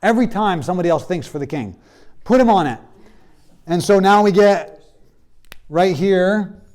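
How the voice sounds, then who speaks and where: A man with a high yet mellow voice teaches a classroom lesson on biblical history. He talks casually and tells the story loosely, slipping into the characters' lines as he goes. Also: lively intonation, moderate pace. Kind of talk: classroom lecture.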